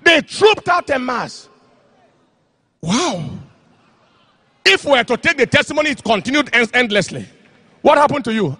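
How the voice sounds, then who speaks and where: A man preaching an impassioned sermon, telling a story and shouting out phrases. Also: very high voice, big pitch swings, normal speed, pauses often.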